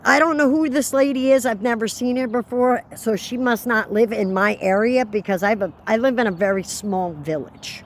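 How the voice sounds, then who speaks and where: A woman telling a storytime rant as a vlogger, exasperated, dropping into low asides and then rising into raised outbursts. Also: moderate pace, hardly any pauses, a little hiss or hum.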